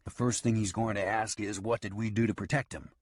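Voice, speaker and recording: A man's voice: lowish voice, steady tone, fairly quick, no echo, lightly acted. Man doing a cool scheming outlaw boss. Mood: commanding. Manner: firm, commanding.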